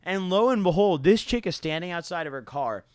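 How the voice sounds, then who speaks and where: A man's voice: high-pitched, expressive, a little fast, darkish tone, no room sound, studio quality. A young man telling a rambling, slang-heavy story to his viewers, full of "like" and "dude" and casual swearing. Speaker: YouTuber.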